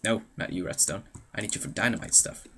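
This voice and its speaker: A man's voice: sits low, fast, gravelly, fairly bright tone, slight background noise. A young man chatting casually to himself as he plays a game, playful and rambling, humming now and then. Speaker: let's play host. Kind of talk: casual gameplay commentary.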